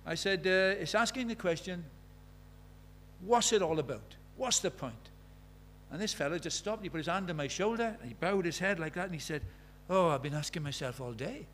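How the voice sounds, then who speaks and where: Male preacher, earnest sermon, slightly raised pitch, light hum behind. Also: animated, moderate pace, fairly bright tone. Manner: earnest, questioning, retells conversations in quoted dialogue.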